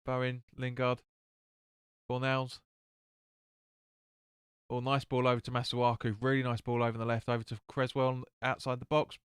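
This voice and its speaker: A man's voice: mid-range voice, completely flat delivery, normal speed, pauses often, fairly bright tone, clear, resonant tone, no echo, clean studio sound. A man hosting a live football watch-along, calling the play and chatting with viewers as he reads their comments. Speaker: fan watch-along host.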